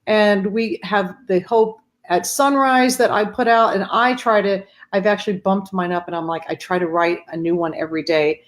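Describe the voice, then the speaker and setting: This woman's mid-range voice stays steady and moderately paced, with few pauses. She hosts a faith-based grief support livestream over a video call, chatting casually, greeting viewers by name with warmth, and filling her speech with fillers.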